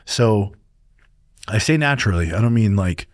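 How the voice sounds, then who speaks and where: A man's voice: fairly low pitch, animated, normal speed, no room sound, studio quality. A man chatting casually in a church talk show, earnest and telling a story with restarts. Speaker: pastor. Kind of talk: casual church podcast chat.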